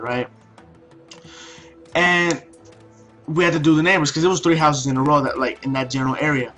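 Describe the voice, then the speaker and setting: A man's voice: a little high, normal speed, sharp tone, soft background music. A young man telling a story over gameplay in a casual, profane, ranting way, with many restarts. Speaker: video commentator.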